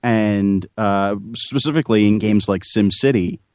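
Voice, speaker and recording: A man with a very low voice chats on a podcast. His talk is halting, full of "uh" and restarts as he circles his point. He stays casual and conversational. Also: a little mellow, clear, resonant tone. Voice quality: halting, many restarts and fillers. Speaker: podcast co-host. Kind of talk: casual chat.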